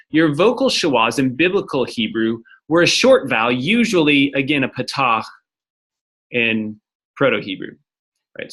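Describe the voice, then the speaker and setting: A man's voice: medium pitch, a bit bright. A man teaching a lecture-style lesson, explaining step by step and often checking in with "right?". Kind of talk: recorded lecture at a whiteboard.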